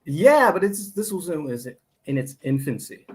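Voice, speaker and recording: A middle-aged man from Michigan chats on a podcast, his voice sitting a little high for a man. He rambles through stories, stacking fillers and false starts as he goes. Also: very animated, moderate pace, darkish tone. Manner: rambling storyteller with many fillers and restarts. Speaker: podcast guest, actor. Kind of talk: casual chat.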